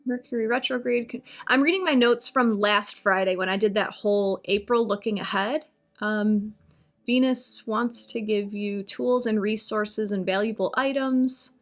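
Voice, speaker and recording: A woman's voice: medium pitch, a little slow. A woman on a live stream talking about astrology and answering viewer comments in a chatty, reassuring way. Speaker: astrology and oracle reader.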